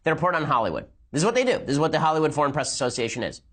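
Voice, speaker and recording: A man giving rapid, sarcastic commentary as he reacts to a speech and argues his point. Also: a little high, sing-song, a bit bright. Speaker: political commentator.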